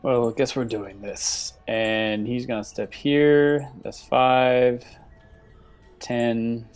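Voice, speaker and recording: A man's voice: mid-range voice, steady tone, very slow, clean tone, soft background music. A man playing a tabletop game, talking offhandedly as he thinks through his moves. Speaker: player. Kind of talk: casual tabletop game chat.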